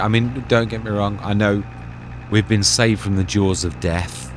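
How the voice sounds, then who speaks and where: A man's voice: lowish voice, flat delivery, moderate pace. A man hosting a farming game let's-play, chatting casually and thinking aloud as he plays. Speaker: gaming channel host. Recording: clear background game noise.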